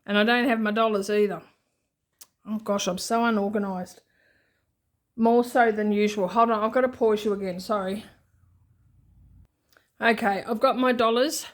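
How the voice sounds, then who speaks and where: A woman's voice: mid-range voice, fairly even intonation, normal speed, long pauses. An Australian woman talking in a rambling, chatty way with many asides, in an unscripted casual vlog. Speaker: budgeting vlogger.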